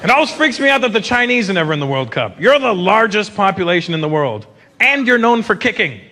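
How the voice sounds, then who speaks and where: A man's voice: high-pitched, very animated, quick pace, background noise. A man in his fifties from Canada doing a brash stand-up set, teasing the crowd and slipping into voices. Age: 50s. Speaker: stand-up comedian. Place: large live venue. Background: faint audience laughter.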